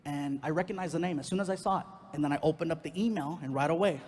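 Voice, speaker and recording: A male stand-up comedian telling a story on stage, animated and acting out the voices. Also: fairly high pitch, fast, hardly any pauses, slightly rough, in a large hall. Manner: animated, acts out every voice.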